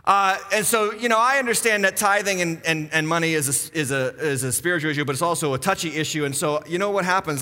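A middle-aged man, a lead pastor, preaching a sermon in a church with animated jokes and repeated key phrases. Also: a little high, quick pace, few pauses. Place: church auditorium. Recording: long church reverb.

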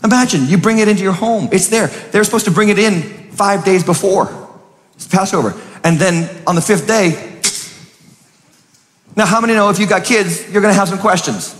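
A man preaching a sermon as pastor, swinging between booming declarations and hushed, conversational asides. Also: moderate pace, long reverb tail.

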